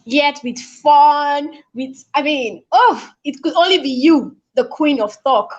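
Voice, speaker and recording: A woman's voice: high voice, slow pace, highs cut off. A woman hosting a live session, thanking her guest effusively and laughing. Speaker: host.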